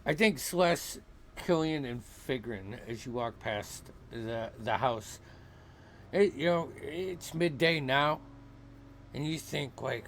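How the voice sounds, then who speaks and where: A man narrating a tabletop game as dungeon master, unhurried and halting, with many restarts. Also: mid-range voice, a bit bright, slight background noise.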